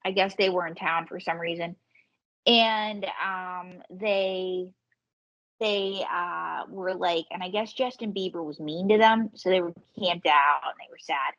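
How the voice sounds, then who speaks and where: A woman comedian and ventriloquist telling lively, swearing anecdotes as a podcast guest. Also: fairly low pitch, highs cut off. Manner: animated storyteller, swearing, quick quoted voices. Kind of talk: casual podcast storytelling.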